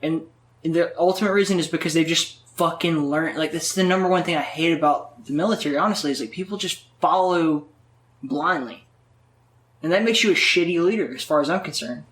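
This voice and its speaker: A man in casual conversation, telling stories in a profane, animated way full of filler words. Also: on the high side, a little fast. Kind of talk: casual chat.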